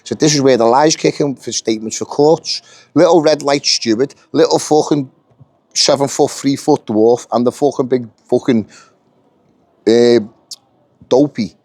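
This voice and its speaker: A man's voice: mid-range voice, a little slow, darkish tone, dry recording. Blunt, swearing British man. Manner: blunt, heavy swearing, acts out quoted dialogue. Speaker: union member telling his story. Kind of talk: casual storytelling.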